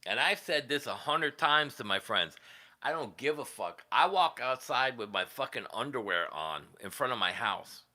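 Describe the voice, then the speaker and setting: A man's voice: medium pitch, lively intonation, moderate pace, sharp tone. A man hosting a casual livestream, telling rambling, profane stories from his years as a musician and laughing at them. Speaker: livestream host, guitarist.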